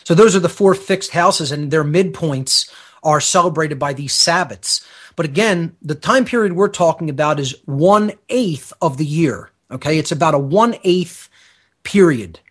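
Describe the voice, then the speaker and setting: As a guest on a radio show, a man delivers a long, lecture-style explanation, often checking in with "okay?". His voice is a little high, animated, a bit bright and slightly rough, and he speaks a little slowly.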